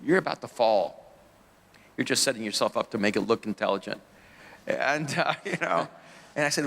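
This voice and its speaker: Gravelly man telling a story in a hall. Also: medium pitch, fairly quick, fairly bright tone. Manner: rambling, many restarts, laughs at himself. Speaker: pastor, interview guest. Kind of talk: storytelling in an interview.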